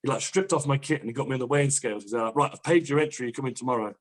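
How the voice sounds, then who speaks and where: A young man, a powerlifter guest on a podcast, telling rapid, sweary anecdotes in casual chat. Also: medium pitch. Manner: fast, swearing, laughing anecdotes.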